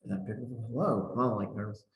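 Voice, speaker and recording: A man who is a guest author, telling animated anecdotes in an interview and acting out the dialogue. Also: lowish voice, quick pace. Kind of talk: storytelling in an interview. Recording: roomy echo.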